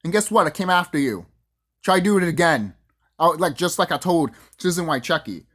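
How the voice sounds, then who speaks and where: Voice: mid-range voice, expressive, normal speed, fairly bright tone. Brash, swearing vlogger ranting, voice swinging wildly. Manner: profane, boastful, acts out quoted voices. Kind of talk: ranting monologue.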